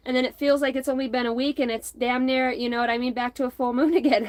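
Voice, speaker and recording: A woman's voice: high voice, steady tone, quick pace, few pauses, darkish tone, no echo, poor audio. A middle-aged woman giving a casual spiritual tarot reading, rambling, blunt and profane, often breaking into laughter. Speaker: intuitive tarot reader.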